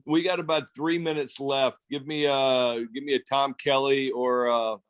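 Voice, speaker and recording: A man in his fifties hosting a podcast, chatting casually in a relaxed, halting way that repeats words. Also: mid-range voice, clean tone. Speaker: podcast host, former pitcher. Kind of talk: casual chat.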